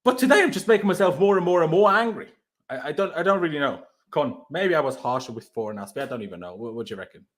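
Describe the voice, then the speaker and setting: Young male streamer, exasperated ranter, high voice with big swings in pitch. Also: lively intonation, fast talker. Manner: exasperated, ranting with repeated rhetorical questions. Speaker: host of a football reaction stream. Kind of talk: heated post-match fan reaction chat.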